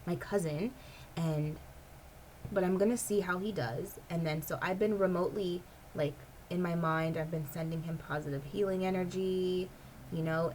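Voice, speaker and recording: A woman talking casually to her camera as a vlogger, with a somewhat low voice. She rambles from thought to thought and leans on "like" constantly. Faint noise sits behind her. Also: a little mellow, poor audio. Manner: rambling, heavy use of "like". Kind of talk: casual personal chat to camera.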